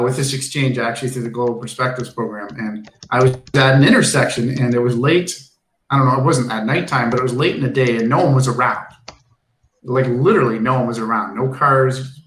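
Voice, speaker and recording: A man's voice: mid-range voice, a bit bright, echoey room, low-quality recording. A male teacher giving a classroom lesson, telling a personal story in a chatty way with frequent ums.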